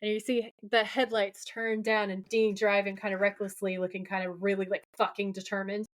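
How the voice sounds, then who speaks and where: A woman's voice: medium pitch, little pitch movement, a little fast. A woman co-hosting a podcast, casually recapping a TV episode, swearing freely and acting out quoted lines. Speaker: podcast co-host.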